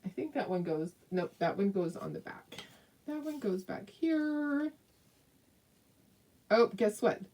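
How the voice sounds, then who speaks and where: A middle-aged woman talks viewers through a live craft project in a casual, rambling way. She fills pauses with ums, repeats herself and laughs often. Her voice sits at an ordinary middle pitch for a woman. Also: animated, a little mellow, far from the mic, slight background noise. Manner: chatty, rambling, laughs often, many fillers. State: hiccups. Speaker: craft tutorial host.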